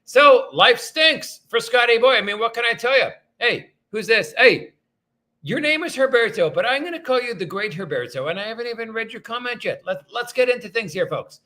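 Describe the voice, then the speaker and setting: Male livestream host, higher and brighter than most men, loose and self-mocking as he chats with viewers. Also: expressive, a little fast, few pauses. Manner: rambling, self-deprecating, thanks viewers often. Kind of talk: casual livestream chat.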